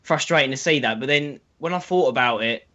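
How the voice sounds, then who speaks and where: A man's voice: medium pitch, fairly quick, sharp tone, muffled recording. A man joining an online chat show as a guest, casual and joking.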